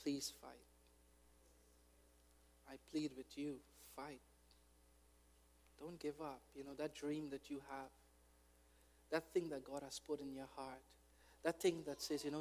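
A man preaching a fervent sermon as a pastor, building from calm urging to loud, impassioned exhortation. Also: on the high side, unhurried, pauses often. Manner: fervent preaching, rising to shouts.

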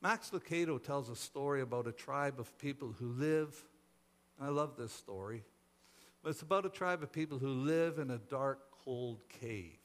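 A man's voice: medium pitch, moderate pace. A man preaching a sermon, telling a parable and acting out its voices. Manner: acts out the characters' voices in a parable. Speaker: pastor. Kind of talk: sermon storytelling.

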